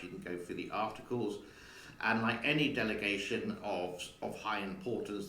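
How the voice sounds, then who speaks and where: A man's voice: on the low side, sharp tone, roomy sound, a little hiss or hum. A man hosting a casual vlog from his home studio, chatting in a rambling way and talking to his cat between points. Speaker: channel host.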